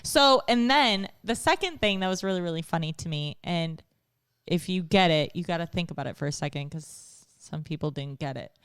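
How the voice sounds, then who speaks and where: Giggly mom co-hosting a live chat, voice bounces all over, super clean and dry. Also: female voice, fairly low pitch, normal speed, smooth, no room sound. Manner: giggly, animated storytelling. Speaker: podcast co-host.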